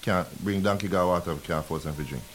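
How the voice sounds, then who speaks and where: A man from Jamaica with a Jamaican accent, a realtor guest talking fast on a radio show, mixing in patois. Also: sits low, a little hiss or hum. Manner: fast talking, laughs easily, mixes patois. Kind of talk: casual radio interview.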